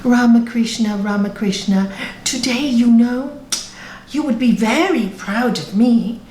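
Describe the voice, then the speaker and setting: A woman's voice: a little high, unhurried, mellow, a little hiss or hum, lightly acted. A woman voicing a self-righteous male disciple who speaks in a prim, self-satisfied way, in an echoey room over a video call. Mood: smug.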